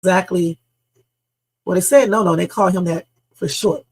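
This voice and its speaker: A woman's voice: fairly low pitch, steady tone, normal speed, slightly rough, low-quality recording. A woman hosting a live reaction stream, speculating emphatically with casual slang and repeating her points. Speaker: livestream host.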